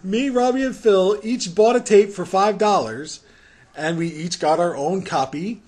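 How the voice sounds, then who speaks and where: A man's voice: high-pitched, a little slow, darkish tone. An American man hosting a podcast, telling a rambling story in casual chat and laughing through it. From United States. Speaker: podcast host.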